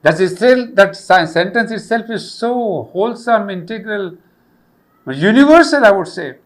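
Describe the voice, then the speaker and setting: Earnest older man with gravelly voice. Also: high voice, lively intonation, a little slow. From India. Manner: earnest, with emphatic repetition. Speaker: lecturer on yoga philosophy. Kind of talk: reflective spiritual lecture.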